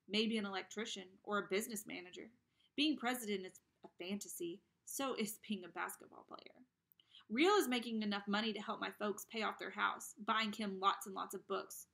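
A woman reading a novel aloud, narrating in the first person in an expressive, dramatic way. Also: medium pitch, creaky. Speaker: reader.

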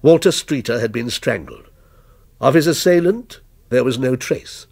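A man reading a short story aloud in a measured, expressive way. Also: mid-range voice, slightly rough. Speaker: story reader.

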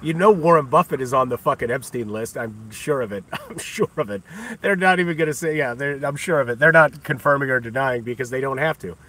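On his own livestream, a man delivers a profane rant, scornful and taunting, cursing freely and often breaking into laughter. His mid-range voice moves at a quick pace with a sharp tone.

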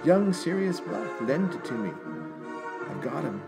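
A man doing a big gentle giant. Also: a little high, sing-song, unhurried. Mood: earnest. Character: big gentle male giant, rough and loyal. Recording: loud music behind the voice.

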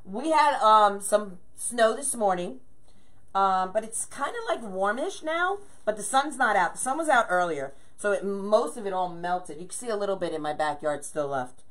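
A woman's voice: mid-range voice, lively intonation, normal speed, a bit bright. A woman hosting a live crafting stream, greeting viewers by name and counting aloud as she works. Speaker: craft livestream host. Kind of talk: chatty livestream while crafting.

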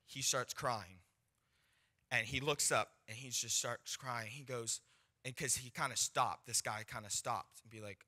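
A young man preaching with a very bright, forceful voice. He tells stories in an animated way and acts out the voices of the people in them. His pitch sits in an ordinary middle range. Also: a little slow. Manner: animated, acts out quoted voices, laughs between points. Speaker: speaker sharing a testimony. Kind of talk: sermon storytelling.

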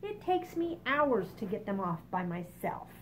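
A woman's voice: medium pitch, very animated, measured pace, fairly bright tone, a little hiss or hum. A woman voicing a proud, boastful male centipede in a storybook read-aloud. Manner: showy, bragging.

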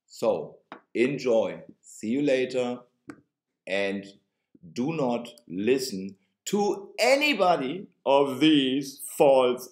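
A man with a German accent rants to camera like a preacher. He is sarcastic and emphatic and repeats his points. His pitch swoops widely, and the echoey room gives his voice a roomy ring. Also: a little mellow. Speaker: online religious video host.

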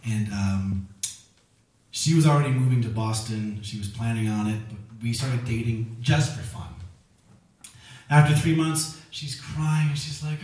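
A man's voice: mid-range voice, moderate pace, a little mellow. Male singer-songwriter spinning a self-mocking live story; heard from a distance in a roomy space. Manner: rambling, anecdotal, self-mocking. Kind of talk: storytelling between songs at a live show. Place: house concert room. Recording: echoey room, distant mic.

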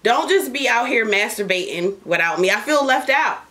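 A woman's voice: a little high, animated, normal speed, pushed and bright. A woman hosting a casual podcast while smoking, talking bluntly and profanely, joking, with laughs and coughs. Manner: laughs and coughs between lines. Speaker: podcast host.

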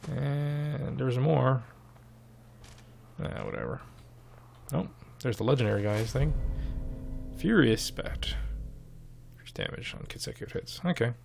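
A man's voice: mid-range voice, sing-song, measured pace, creaky, pauses often, a little hiss or hum. A young man giving chatty, casual gameplay commentary and swearing freely. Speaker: let's play host.

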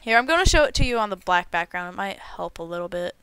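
A young woman hosting a casual unboxing video, bubbly and excitable, tripping over her words as she gushes. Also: medium pitch, fast talker, clear, resonant tone, dry recording. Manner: bubbly and excitable, gushing with stumbling repeats. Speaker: unboxing channel host.

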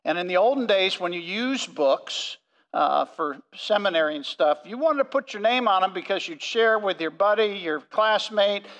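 A male pastor preaching a sermon, earnest and emphatic, slowing down to stress key phrases. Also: sits high, animated, a bit bright, big-room sound, poor audio. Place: church sanctuary.

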